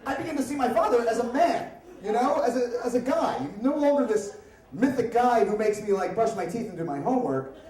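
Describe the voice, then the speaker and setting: Onstage at a live storytelling event, a man with a high voice from around Upper Darby, Pennsylvania delivers a brisk story slam piece. His telling is funny, foul-mouthed, animated and chatty, heard distantly in an echoing room.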